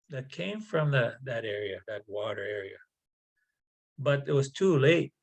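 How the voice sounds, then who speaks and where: A man telling a traditional story aloud, halting and often repeating words and phrases. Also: mid-range voice, animated, creaky, breathy edge, rough recording. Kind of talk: oral storytelling.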